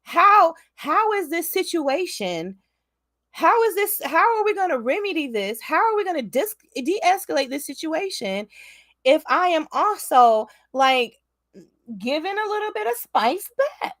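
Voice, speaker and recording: A woman tells a story to her viewers in a casual vlog, her high voice swooping up and down as she laughs and talks to them directly. The sound is close and dry, with no room around it. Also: measured pace, no echo. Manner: animated, laughs often, talks straight to her audience. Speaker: vlogger.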